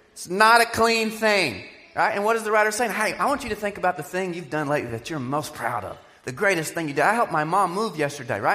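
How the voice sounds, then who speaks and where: A man's voice: a little high, sharp tone, long reverb tail. A man giving a sermon as a pastor, conversational, with playful asides.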